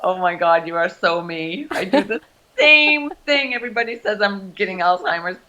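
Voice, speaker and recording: A woman from the United States speaking as a guest on a casual video call, earnest and halting, often restarting her sentences. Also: mid-range voice, lively intonation, muffled recording, a crowd in the background.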